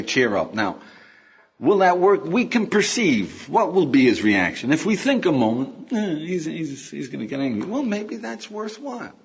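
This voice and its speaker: A man's voice: fairly high pitch, husky. An older man, a rabbi, giving an informal class, asking his students questions and acting out quotes. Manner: animated, asks the class questions, acts out quotes. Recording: dull lo-fi lecture recording.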